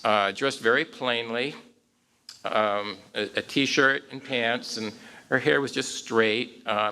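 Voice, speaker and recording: Man, 60s, psychologist speaker; gravelly, mid-pitched, relaxed and wry, chatty lecture delivery. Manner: relaxed storytelling with wry self-deprecating humor; frequent "um" and "uh" fillers. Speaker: psychologist giving a conference talk. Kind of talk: conversational lecture with a clinical story.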